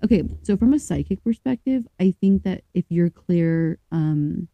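A woman co-hosting a podcast, chatting casually, reading stories aloud and thinking out loud with fillers and restarts. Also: fairly low pitch, animated, unhurried, gravelly, no echo, muffled recording. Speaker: podcast co-host.

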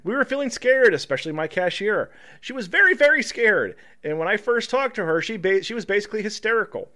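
A man's voice: high-pitched, animated, brisk, sharp tone. A man co-hosting a casual comedy podcast, reading news stories aloud and breaking off to joke and laugh. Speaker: podcast co-host.

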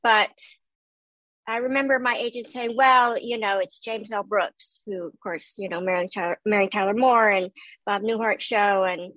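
A middle-aged woman who does voice acting talks in a casual interview. Her voice is high, youthful and nasal, and she tells lively, self-deprecating stories full of quick asides. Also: no echo, low-quality recording. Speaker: voice actor guest.

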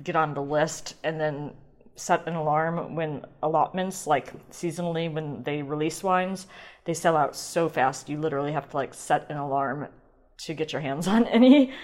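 A woman hosting a wine podcast alone at home, talking in a chatty, rambling, self-deprecating way, swearing now and then as she gushes. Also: low voice. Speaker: podcast host. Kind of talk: casual solo wine podcast chat. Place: home kitchen.

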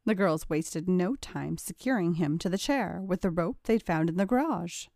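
A woman narrating a story with steady, even-toned reading. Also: on the low side, normal speed, no room sound, clean studio sound.

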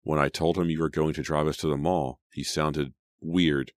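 A man's voice: very deep voice, fairly even intonation, moderate pace, no room sound, studio quality. A man voicing an anxious, shaken teenage girl in an audiobook, sounding jumpy and alarmed. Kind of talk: audiobook character voice.

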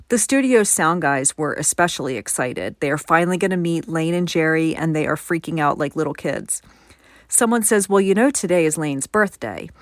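A woman's voice: fairly low pitch, no room sound, clean studio sound. A woman hosting a podcast, telling a story in a conversational way and adding her own opinions. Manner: conversational, gives personal opinions. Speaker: podcast host. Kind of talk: scripted podcast narration.

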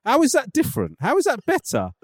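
A man's voice: very high-pitched, huge pitch swings, quick pace, dry recording, studio quality. A man in casual podcast banter, sweary and teasing, telling stories with animation.

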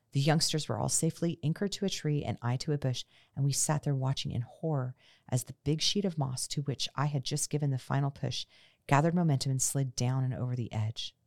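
Low gravelly-voiced woman reading aloud. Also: no room sound, clean studio sound. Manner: steady storytelling with casual unscripted sign-off. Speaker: podcast host.

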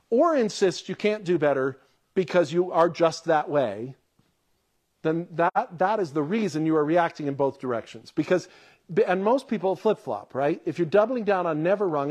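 Male pastor, somewhat high voice, lively storyteller who acts out quotes mid-sermon.

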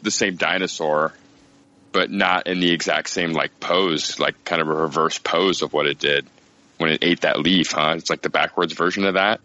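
A man on a podcast discussing a movie in a thoughtful, measured way. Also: very deep voice, fairly even intonation, bright, forceful tone, no room sound. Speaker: podcast guest. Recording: slightly dull lo-fi sound.

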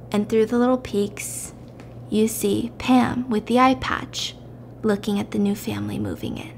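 A woman's voice: a little high, creaky, slight background noise. A woman hosting a podcast, casually retelling a film plot and acting out the quotes. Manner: animated, acts out the quotes. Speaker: podcast host.

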